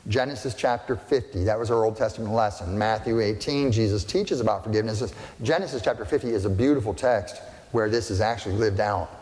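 A man's voice: mid-range voice, a little mellow. Man preaching in a reverberant sanctuary. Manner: conversational, asks the congregation rhetorical questions, dry humorous asides. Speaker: pastor. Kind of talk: sermon. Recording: long reverb of a large room.

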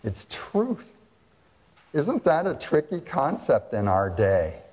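A man's voice: mid-range voice, very animated, takes it slowly, a little mellow, long reverb tail. A man, a pastor, preaching a sermon and putting rhetorical questions to his congregation.

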